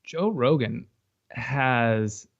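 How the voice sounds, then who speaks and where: A man co-hosting a podcast in casual chat, animated and quick with quips. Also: mid-range voice, vocal fry, highs cut off. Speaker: podcast co-host.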